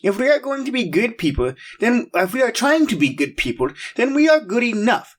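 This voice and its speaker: Male kids' show host, high and animated, slow and emphatic, coaxing. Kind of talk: upbeat kids' show hosting.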